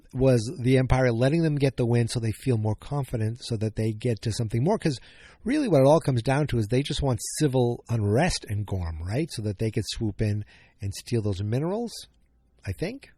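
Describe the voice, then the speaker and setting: A man's voice: medium pitch, animated, normal speed, mellow, no echo, clean studio sound. A man hosting a podcast, recapping an episode in a casual, rambling way, often correcting himself and cracking jokes. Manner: rambling, self-correcting, jokey. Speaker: podcast host.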